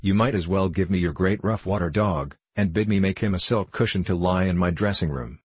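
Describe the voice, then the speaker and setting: A man's voice: deep voice, a little fast, slightly rough, no echo. A man reading a stubborn young lady. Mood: protesting. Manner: earnest, protesting. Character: spirited young gentlewoman, innocent and stubborn. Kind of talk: audiobook character reading.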